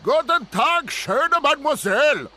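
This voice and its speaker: A man's voice: extremely high pitch, animated, unhurried, bright, forceful tone, exaggerated voice. An actor playing a jolly bargeman in a game, speaking in a put-on mixed European accent with boisterous chuckles. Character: jolly bargeman mixing German, Dutch and Spanish words. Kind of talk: game voice acting.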